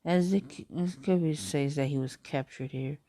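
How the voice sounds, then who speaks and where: A man casually making up and telling a fan story, halting and rambling with many restarts. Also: on the high side, dark tone, dry recording, clean studio sound.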